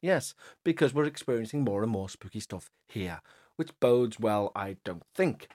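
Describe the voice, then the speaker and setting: Excitable male podcast host. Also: lowish voice, moderate pace. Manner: excitable, gushing exclamations between calm reading. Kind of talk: reading a listener's ghost story aloud, then casual chat.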